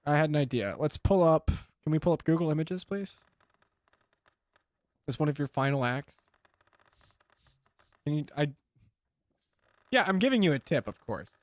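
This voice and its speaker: A man hosting a comedy podcast, chatting casually and riffing on jokes with quick tangents. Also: a little high, expressive, no echo. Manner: rambling, joking, quick tangents. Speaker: podcast host.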